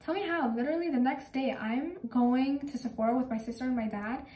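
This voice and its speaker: A young woman telling stories from her old job in a casual, animated and exasperated way. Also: sits high, a little fast. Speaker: vlogger. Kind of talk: casual storytelling. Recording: echoey room, mic at a distance.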